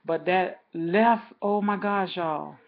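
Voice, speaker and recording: A woman's voice: fairly low pitch, slow pace, lo-fi sound. A woman vlogger telling a rambling story in a casual, chatty way, talking straight to her viewers.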